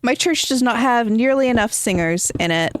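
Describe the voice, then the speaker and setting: A woman's voice: fairly high pitch, animated, normal speed, slight background noise. A woman streaming a game from home, chatting casually and rambling as she answers her chat.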